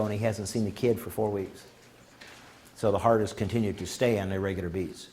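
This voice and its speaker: A man's voice: lowish voice, fairly quick, a little hiss or hum. A man giving a conference talk, telling folksy stories and acting out the quotes of the people in them. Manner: folksy, animated anecdotes with acted-out quotes. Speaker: conference speaker. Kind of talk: storytelling talk. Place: conference room.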